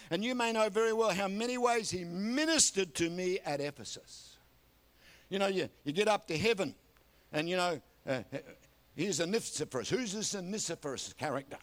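An older man with a high voice preaches a sermon at a normal speed. As a pastor, he tells folksy stories and calls out for amens.

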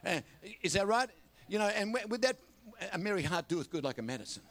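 An older man with an Australian accent preaches with animated storytelling, often turning to his congregation for a response. His voice sits high for a man. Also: a little fast. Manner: animated storytelling with repeated audience call-outs. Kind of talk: sermon.

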